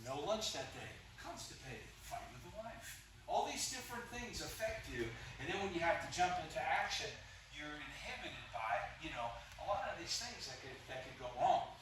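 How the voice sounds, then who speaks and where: A man's voice: a little high, big pitch swings, moderate pace, heavy background noise. A man teaching self-defense in a casual, rambling way, full of fillers and asides. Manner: rambling and folksy, many fillers. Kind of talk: casual instructional talk during a demonstration. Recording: very echoey room audio, distant from mic.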